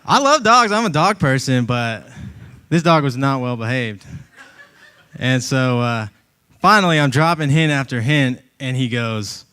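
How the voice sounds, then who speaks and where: Animated stand-up comic, smooth voice. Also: male voice, mid-range voice, unhurried. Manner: animated storytelling, acts out voices. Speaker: stand-up comedian. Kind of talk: stand-up comedy set.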